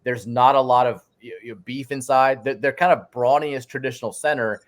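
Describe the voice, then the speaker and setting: A man's voice: mid-range voice, a little fast. A man, a guest sports writer, talking college basketball in a casual podcast chat, telling stories with many restarts. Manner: animated storyteller, many restarts.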